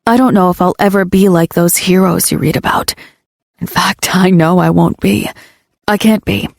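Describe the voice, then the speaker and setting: A woman voicing a guarded, troubled young man who speaks in a low, halting rasp. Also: no room sound, clean studio sound. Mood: strained. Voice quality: low rasping voice.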